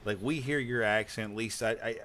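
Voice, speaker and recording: A man's voice: fairly low pitch, fairly quick, a bit bright. An American man streaming a game, chatting casually, rambling with repeated words and cursing freely. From United States. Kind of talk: casual gaming chat.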